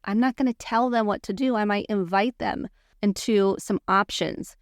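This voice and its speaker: A woman's voice: mid-range voice, a little slow, smooth, no room sound. Woman therapist coaching on her podcast, earnest, acts out example lines, dry close mic. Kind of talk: teaching podcast monologue.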